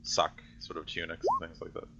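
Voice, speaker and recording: A man's voice: fairly quick, very noisy. A man narrating as game master, hesitant and full of fillers. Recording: dull lo-fi audio.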